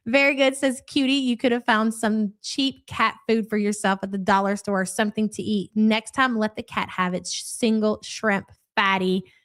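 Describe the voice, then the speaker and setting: A woman's voice: medium pitch, steady tone, normal speed, hardly any pauses, fairly bright tone, no room sound. A woman from Kentucky with a Louisville accent, hosting a live reaction stream and reading out chat messages in a blunt, chatty way. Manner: chatty, blunt, swears casually.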